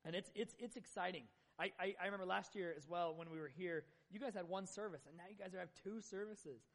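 A young man preaching as guest pastor in a church, his voice a little high for a man. He is earnest and halting, stumbling over restarts as he talks. A long reverb tail hangs after each phrase. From Northern Utah, USA. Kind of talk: sermon. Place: church sanctuary.

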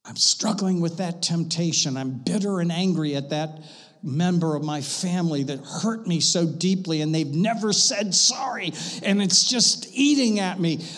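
A man preaching a sermon to his church, swinging from loud passionate bursts to hushed, intimate lines. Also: high-pitched, moderate pace, big-room sound. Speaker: pastor. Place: church sanctuary.

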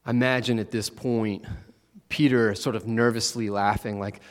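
A man's voice: lowish voice, fairly even intonation, normal speed, big-room sound. A man preaching a conversational sermon, acting out the disciples with playful asides.

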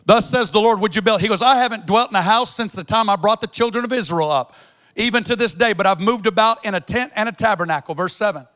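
Bright, high-voiced impassioned male preacher. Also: fast. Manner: impassioned, sing-song preaching cadence. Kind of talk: sermon.

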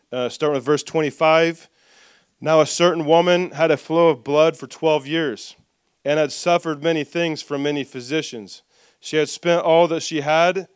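A man preaching a sermon, reading scripture aloud and leading the congregation in call-and-response, with soft asides. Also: medium pitch, clear, resonant tone, no room sound, studio quality. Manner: lively, drops soft for asides. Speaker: pastor.

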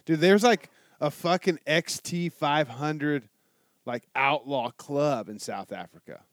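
A man telling a motorcycle story in casual chat, animated and swearing a lot. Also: a little high, takes it slowly, dry recording, studio quality. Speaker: guest telling a travel story.

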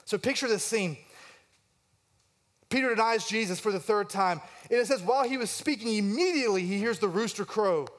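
A high-voiced man delivers a sermon, working through a passage verse by verse. He acts out the quoted lines with rising intensity and pauses to ask his listeners questions. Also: a bit bright. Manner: asks the congregation questions. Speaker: pastor.

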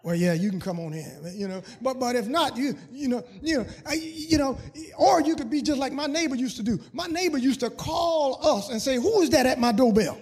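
A man's voice: very high-pitched, fairly quick, hardly any pauses, darkish tone. A man preaching a sermon as pastor, repeating words and building to fervent, sung emphasis on scripture.

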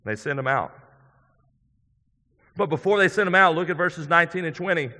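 A male pastor preaching a sermon in a church, earnest and conversational, building to emphatic points and dropping to quiet ones. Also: a little high, moderate pace. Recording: long hall reverb.

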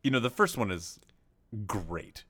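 A man's voice: fairly low pitch, sing-song, a little slow, a bit bright. A man co-hosting a podcast in casual chat, wisecracking and swearing freely as he talks. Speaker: podcast co-host.

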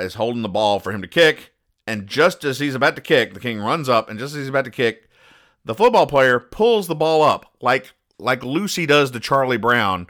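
A man hosting a comedy show, reading comic strips aloud and explaining the jokes in a wry, deadpan way. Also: lowish voice. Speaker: host.

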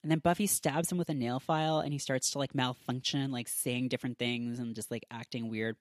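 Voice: medium pitch, steady tone, a little fast, dry recording, clean studio sound. A podcast host giving a casual, chatty episode recap, full of filler words.

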